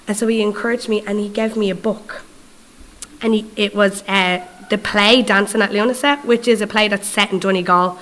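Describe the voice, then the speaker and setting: On a low-quality recording, a woman with an Irish accent preaches a storytelling sermon as a guest, speaking at normal speed in a mid-range voice. She's lively and conversational, performing dialogue in quoted voices and checking in with her listeners.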